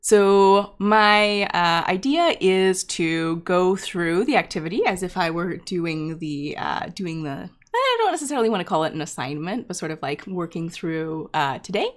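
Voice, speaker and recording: A woman teaches a live online class without a script, talking to her viewers as she goes. Her voice sits a little low, and her speech is loose and chatty, full of ums and restarts. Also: lively intonation, normal speed, few pauses. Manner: talks straight to viewers in chat. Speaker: instructor hosting a data science livestream. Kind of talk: unscripted livestream teaching.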